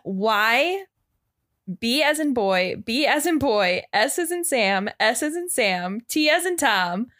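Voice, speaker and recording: A woman's voice: fairly high pitch, very animated, takes it slowly, a bit bright, dry recording, clean studio sound. A woman co-hosting a podcast, reacting in a jokey, casual way and laughing often. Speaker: podcast co-host. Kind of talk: casual chat.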